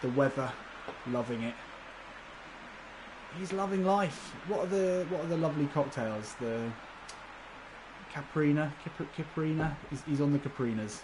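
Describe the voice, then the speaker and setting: A man's voice: medium pitch, normal speed, noisy background. Chatty man streaming football game. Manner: laughing, chatty, swears casually, talks to chat. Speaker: gaming livestreamer. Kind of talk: live football game commentary.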